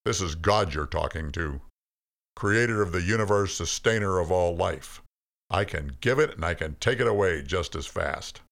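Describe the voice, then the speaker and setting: Storybook figure: a mighty male God, stern yet patient, deep and gravelly, as a man puts him on. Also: unhurried, full character voice. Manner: stern, then soft and calm.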